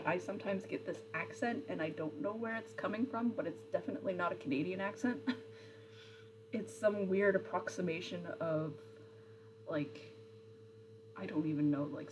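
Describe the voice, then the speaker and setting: Responding to viewer comments, a young woman streamer rambles chattily at a moderate pace, her voice lowish and the audio dull with background noise. She uses frequent fillers and keeps correcting herself.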